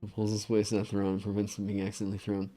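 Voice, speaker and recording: A man chatting on a livestream in an excitable way, swearing freely and breaking into laughter. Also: lowish voice, fast talker. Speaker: streamer designing game content. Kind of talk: casual livestream chat.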